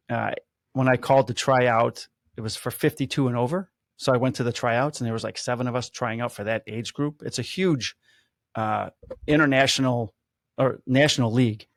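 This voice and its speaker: A man's voice: medium pitch, dry recording, clean studio sound. A man, a police officer casually telling stories and acting out the quotes. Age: 50s. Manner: animated storyteller, acts out quotes. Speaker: podcast host, police officer. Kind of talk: casual storytelling chat.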